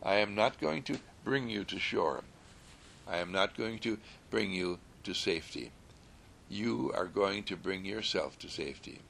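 Low gravelly guy, slow soothing sermon talk, gentle and repetitive. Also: lively intonation, slight background noise.

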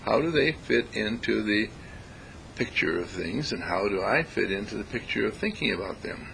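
A man giving a reflective spiritual talk, deliberate and emphatic, repeating phrases to stress them. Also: fairly low pitch, lively intonation, vocal fry, fairly bright tone, slight background noise, rough recording. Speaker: spiritual speaker.

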